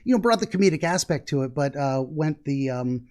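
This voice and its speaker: A middle-aged American man with a slightly higher voice hosts a podcast in a relaxed, conversational way. He rambles, pokes fun at himself and laughs often. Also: brisk. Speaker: podcast host, dream interpreter. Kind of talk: casual conversational interview.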